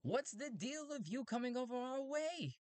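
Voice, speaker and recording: A man voicing a strange, excitable male robot who collects and catalogs things, in a solo tabletop role-play. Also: extremely high pitch, normal speed, no echo, pitched above the performer's own voice. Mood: suspicious.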